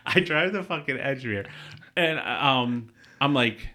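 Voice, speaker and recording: A man's voice: medium pitch, lively intonation, unhurried, pushed and bright. A man telling a rambling, profane story in casual podcast chat, laughing often. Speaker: podcast co-host.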